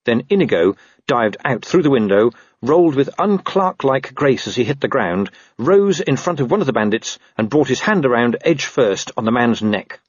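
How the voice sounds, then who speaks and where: Male audiobook narrator, wry and animated; dry close mic. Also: mid-range voice, moderate pace, breathy edge, no room sound, muffled recording. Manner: lively, wry storytelling. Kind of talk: scripted narration of a comic fantasy novel.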